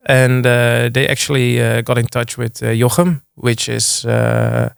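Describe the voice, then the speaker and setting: A man's voice: mid-range voice, steady tone, unhurried, creaky, clear, resonant tone, dry recording, studio quality. A young man, chatting casually as a guest in an interview, often restarting sentences with fillers. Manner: hesitant, many restarts and fillers. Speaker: guest music producer.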